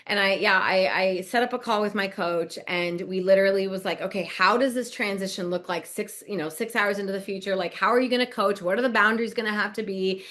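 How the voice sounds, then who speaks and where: She's a middle-aged business coach from Nebraska, co-hosting a podcast and relating a story casually. Her medium-pitched delivery is brisk with hardly any pauses, full of laughter and acted-out quotes.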